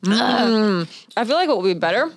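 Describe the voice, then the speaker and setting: A woman's voice: a little high, moderate pace, no echo. A young woman co-hosting a casual chat, giggly and steering the talk along. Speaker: co-host.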